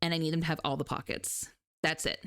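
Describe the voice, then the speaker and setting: A woman's voice: low voice, flat delivery, fast talker, a bit bright, clear, resonant tone. A woman from Canada with a Canadian accent, chatting casually on a live stream, rambling and laughing often as she reads her chat.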